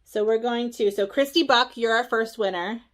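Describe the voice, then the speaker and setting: A woman from the Philadelphia area chatting casually at home for her stitching vlog, excitable and rambling, with quick asides. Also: fairly high pitch. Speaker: stitching vlogger.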